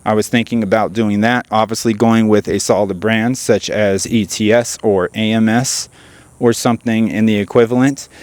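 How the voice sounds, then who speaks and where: A man's voice: fairly low pitch, darkish tone, no echo. A man hosting a car channel, chatting casually to his viewers while standing outdoors beside his car. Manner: chatty, addresses viewers directly. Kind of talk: casual vlog chat.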